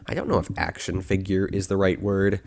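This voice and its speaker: A man with a low voice talks through a podcast in a chatty, wry way, cracking jokes and laughing at them. The sound is dry and close, with little room behind it. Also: fairly even intonation, brisk, vocal fry, a little mellow, dry recording. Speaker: podcast host. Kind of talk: casual commentary.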